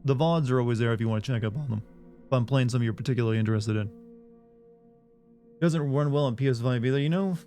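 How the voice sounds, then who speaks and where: A man from the US South, accent-free, talks fast during a game stream, with long pauses and faint music behind him. His mid-range voice is mellow as he reads viewer messages aloud and answers them in a rambling, casual way.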